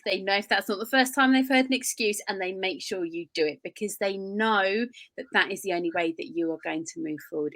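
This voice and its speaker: Earnest woman coach with a fairly high voice. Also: fairly bright tone. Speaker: podcast co-host and coach. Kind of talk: casual business podcast chat.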